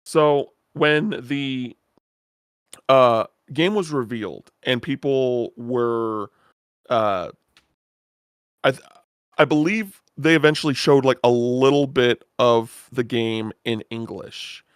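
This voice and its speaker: A man co-hosting a video game podcast, talking in a relaxed, hesitant way with many "uh"s and "um"s. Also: medium pitch, slow, clean tone, no echo, studio quality. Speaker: podcast co-host. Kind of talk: casual chat.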